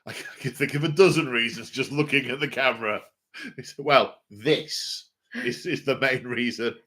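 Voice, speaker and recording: A man's voice: mid-range voice, normal speed, fairly bright tone. A man hosting a casual hobby livestream, rambling and self-mocking with lots of fillers. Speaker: hobby channel host.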